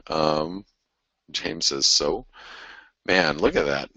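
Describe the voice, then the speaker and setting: A man hosting a live forex trading show, talking through charts in an excitable, thinking-aloud way with frequent exclamations. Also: very deep voice, takes it slowly, pauses often, no room sound, muffled recording. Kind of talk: live market commentary.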